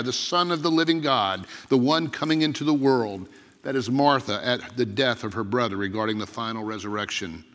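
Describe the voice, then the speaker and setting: A man preaching a sermon as pastor, earnest and emphatic, with dramatic pauses. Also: fairly high pitch, fairly bright tone, in a large hall.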